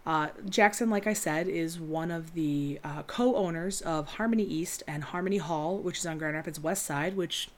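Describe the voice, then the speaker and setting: Lower-pitched woman co-host, giggly, self-deprecating casual talker. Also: normal speed, few pauses. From West Michigan. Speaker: podcast co-host. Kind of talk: casual chat.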